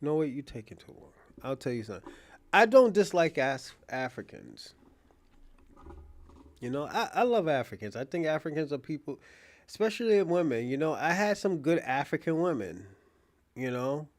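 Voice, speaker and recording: This is a man hosting his own live-stream show, talking in a casual, unscripted way. His voice sits a little high for a man, and he speaks bluntly, often with profanity. He addresses a chat viewer by name and keeps restarting and repeating lines as he thinks out loud. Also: normal speed. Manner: animated, repeats and restarts phrases while thinking aloud. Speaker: show host.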